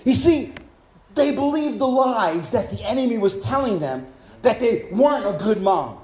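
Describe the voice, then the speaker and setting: A man preaching a sermon as pastor, rising from calm explanation into fervent, shouted exhortation. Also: very high voice, moderate pace. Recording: echoey room.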